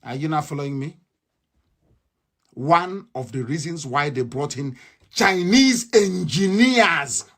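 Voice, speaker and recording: Fiery, high-voiced man. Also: lively intonation, takes it slowly, long pauses, a bit bright. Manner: fiery, scornful, repetitive. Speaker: radio broadcaster. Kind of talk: live radio broadcast monologue.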